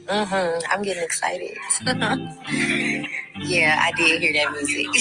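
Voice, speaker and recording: A speaker reacting in a giggly, excitable way. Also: mid-range voice, slow pace, over loud music, poor audio. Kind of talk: casual reaction chat.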